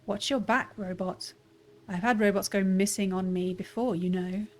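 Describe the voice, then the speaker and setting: A woman reading aloud the lines of a spirited young woman scholar, brisk and sharp-tongued. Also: medium pitch, fairly even intonation, natural voice. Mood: brusque. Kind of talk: reading game dialogue aloud.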